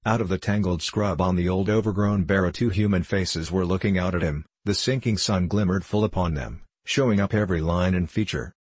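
A man reading a story aloud in measured, steady scripted narration, close to the mic. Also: low voice, slightly rough, dry recording. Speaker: audiobook narrator.

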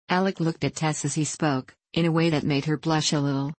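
A woman narrating a classic novel in a measured, even reading. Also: sits low, no room sound. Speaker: audiobook narrator. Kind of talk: scripted narration.

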